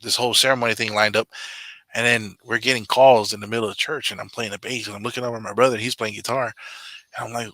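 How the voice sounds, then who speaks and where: Bright-toned, dry-sounding man telling a story. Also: on the low side, fairly even intonation, fast talker, dry recording. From Samoan. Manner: earnest storytelling, frequent fillers and restarts. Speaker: channel member guest. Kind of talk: casual video call chat.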